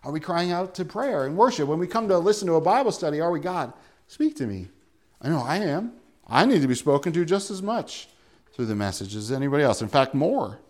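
A man's voice: fairly high pitch, big pitch swings, brisk. A male pastor preaching a sermon in an earnest way, building to emphatic peaks.

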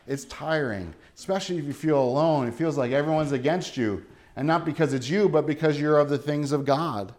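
A man preaching a sermon, earnest and dramatic, dropping to a soft low voice to press his points. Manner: dramatic, acts out quoted voices with rising pitch and volume. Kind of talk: sermon reading and explaining scripture.

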